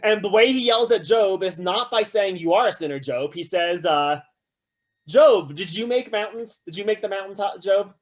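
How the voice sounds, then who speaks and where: High-voiced casual man lecturing. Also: normal speed. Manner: casual, animated, frequent "right?" and "like"; acts out quoted voices with humor. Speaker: philosophy lecturer. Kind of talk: classroom lecture.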